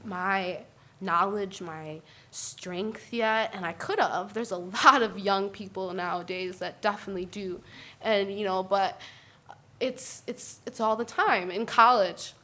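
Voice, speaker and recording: A woman speaking on a panel discussion, animated and often checking in with "right?". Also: medium pitch. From Puerto Rican family. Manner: animated, tags points with "right?".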